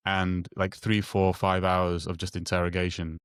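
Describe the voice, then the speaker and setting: Man, lowish voice, casual storyteller, lots of false starts, dry close mic. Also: completely flat delivery, clean tone, no echo. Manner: halting, many restarts and repeated words, acts out quoted dialogue. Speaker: guest telling a personal story.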